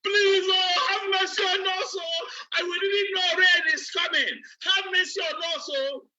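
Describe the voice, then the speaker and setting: A man acting out a frantic crowd begging for mercy in high, wailing shouts. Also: fairly even intonation, measured pace, dull audio. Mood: desperate pleading.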